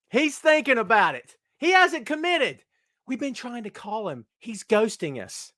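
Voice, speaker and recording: High-voiced joking male stream host. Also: big pitch swings, a little slow, no echo, clean studio sound. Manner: loud, joking, self-mocking banter. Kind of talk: casual live-stream chat.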